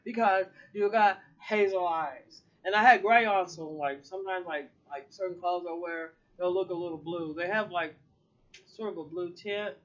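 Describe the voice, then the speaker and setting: A woman's voice: on the low side, moderate pace, muffled recording. A woman talking casually to camera in a rambling vlog, swearing freely and laughing often. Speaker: vlogger.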